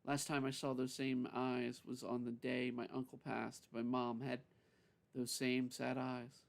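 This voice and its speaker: A man reading a story aloud on a live stream, unhurried, with frequent self-corrections. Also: mid-range voice, completely flat delivery, vocal fry.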